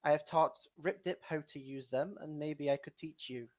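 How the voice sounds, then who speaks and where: A man speaking in character in a tabletop game, hesitant with many pauses. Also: fairly high pitch, a little mellow. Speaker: player.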